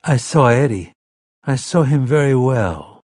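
A man's voice: mid-range voice, animated, unhurried, darkish tone, no room sound, clean studio sound, pitched above the performer's own voice. A man doing a hypnotized man gone childlike. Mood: dazed. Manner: dazed, then small, trembling and childlike. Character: hypnotized grown man regressing into a frightened seven-year-old boy. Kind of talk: audiobook character voice.

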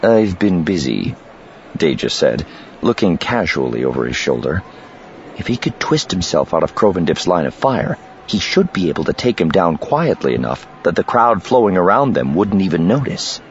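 Deep voice guy reading an audiobook, really lively delivery, kinda muffled sound. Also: moderate pace, slight background noise. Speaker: audiobook narrator. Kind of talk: scripted narration.

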